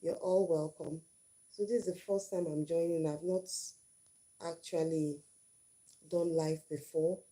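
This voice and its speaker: Middle-aged woman chatting on her first live stream, earnest, repeats herself a lot, low pitch, really mellow dark tone. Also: steady tone, measured pace. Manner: earnest, repeats phrases for emphasis. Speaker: channel host on her first livestream. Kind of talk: casual storytelling and advice.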